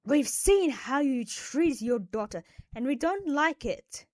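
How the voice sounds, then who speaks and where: A woman voicing a stern masked kidnapper man in an animated story, giving firm, threatening ultimatums. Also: high voice, slow pace, heavily acted.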